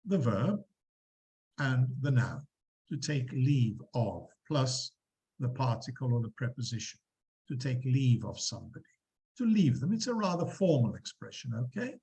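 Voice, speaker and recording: A man lecturing a university class, explaining examples with animated emphasis and quizzing students. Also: medium pitch, unhurried, gravelly, low-quality recording. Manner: lively, quizzing students, acting out quotes.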